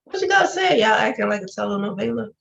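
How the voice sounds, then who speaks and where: A woman co-hosting a casual TV review, chiming in with quick agreements and jokes. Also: fairly high pitch, very animated, vocal fry, muffled recording, crowd noise. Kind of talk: casual TV episode review chat.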